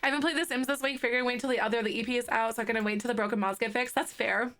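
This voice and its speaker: Giggly bright-voiced woman streamer. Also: fairly high pitch, fairly even intonation, very fast, faint music behind. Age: 30s. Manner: giggly, chatty, laughs often. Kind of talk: casual live-stream chat with viewers.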